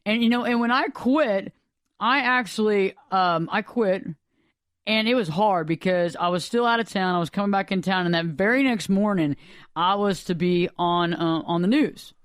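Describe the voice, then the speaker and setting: High-voiced, animated talk-radio host. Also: male voice, normal speed, clean tone, no echo, studio quality. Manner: animated, rambling, dramatic retelling. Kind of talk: casual storytelling chat. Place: radio studio.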